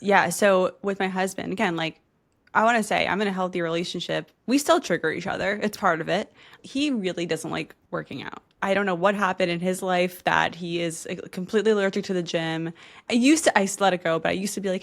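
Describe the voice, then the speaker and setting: A woman's voice: fairly low pitch, fairly quick, vocal fry. A woman hosting a podcast who speaks openly about her own life, laughs easily and keeps a casual, conversational tone. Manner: open, personal, laughs easily. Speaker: host.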